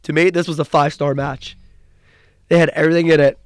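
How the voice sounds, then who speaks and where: A young man co-hosting a podcast, recapping wrestling in an excited, rambling way with frequent restarts. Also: on the high side, fast talker, smooth, no room sound, studio quality. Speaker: podcast co-host. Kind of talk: casual chat.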